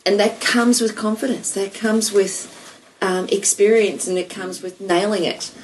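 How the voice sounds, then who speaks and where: A woman's voice: medium pitch, steady tone, measured pace, slight background noise, low-quality recording. A woman in casual conversation, encouraging and affirming her friend in long reflective runs. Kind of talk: casual chat.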